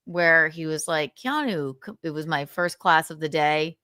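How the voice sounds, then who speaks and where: Bright, animated woman co-host telling stories. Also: low voice, unhurried, clean tone, no echo, clean studio sound. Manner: animated storyteller, acts out voices in her anecdotes. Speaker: podcast co-host. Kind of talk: casual chat. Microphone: video call.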